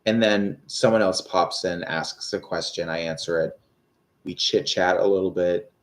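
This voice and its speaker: A man's voice: deep voice, fairly even intonation, moderate pace. A man in his thirties giving live-stream tarot readings, rambling and hesitant with many fillers. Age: 30s. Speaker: tarot reader.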